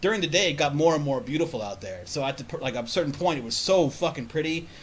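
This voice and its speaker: Dude rambling through a story super quick, cussing a lot, higher voice. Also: male voice, lively intonation, slight background noise. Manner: rambling, profane, many restarts. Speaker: podcast host. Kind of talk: casual storytelling chat.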